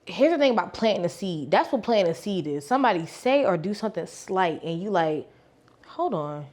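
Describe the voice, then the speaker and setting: A young woman vlogger telling her faith testimony in a casual, animated way, acting out the dialogue and using slang. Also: mid-range voice, quick pace. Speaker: faith vlogger and life coach. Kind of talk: personal testimony storytelling.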